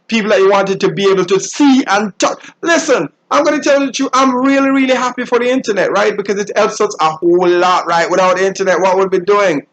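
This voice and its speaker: A man hosting a solo talk show, giving an animated, preachy monologue and mimicking people in high squeals. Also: poor audio. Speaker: show host.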